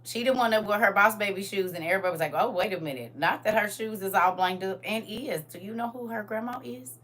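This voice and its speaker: A grandmother hosts a casual livestream from her phone, talking sassily and animatedly straight to her viewers. Her mid-range voice moves fast, with a little hiss or hum in the audio.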